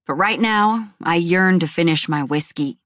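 A woman's voice: fairly low pitch, a little slow, fairly bright tone, dry recording, studio quality. A young adult woman reading a first-person audiobook, with wry, dramatic storytelling. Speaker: audiobook narrator. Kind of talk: scripted first-person narration.

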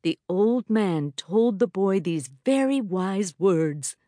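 A school librarian reads a fable to a room of children in a lively, sing-song storybook voice, voiced by a woman. She colors every line with swooping pitch. The sound is close and dry. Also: takes it slowly, no room sound. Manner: expressive, dramatic storytelling. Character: warm school librarian reading a fable aloud. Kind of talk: reading a story aloud to children.

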